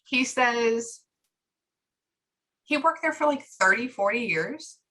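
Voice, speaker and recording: A woman giving a psychic reading, relaying a spirit's words in chatty, lively bursts. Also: fairly high pitch, slow, poor audio. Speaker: psychic medium.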